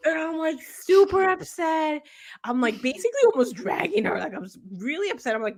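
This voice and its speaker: Animated woman telling a story on a live chat. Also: high voice, brisk. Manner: animated storyteller, laughs often. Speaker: co-host. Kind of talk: casual morning show chat.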